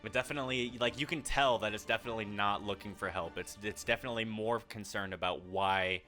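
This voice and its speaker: A man's voice: fairly low pitch, fast talker, sharp tone, faint music behind. A man running a tabletop game as game master, narrating loosely with lots of fillers. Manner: loose, filler-heavy storytelling.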